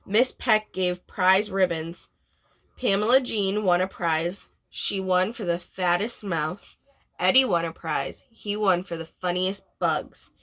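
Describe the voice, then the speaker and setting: Reading slowly in a fairly low voice, a preschool teacher shares a storybook with children, performing it expressively and posing questions to them.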